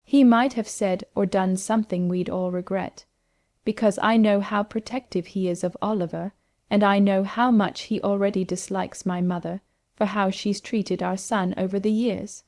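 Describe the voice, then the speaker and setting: A woman narrating a first-person family story as a mother, in a steady, emotional storytelling manner. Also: medium pitch, normal speed, no room sound, studio quality.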